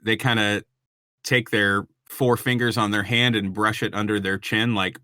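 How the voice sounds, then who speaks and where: A man narrating a tabletop game, pausing on ums as he sets each scene. His voice is low but bright, recorded close and dry. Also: flat delivery, no echo. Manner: descriptive, with frequent ums and restarts. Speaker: game master.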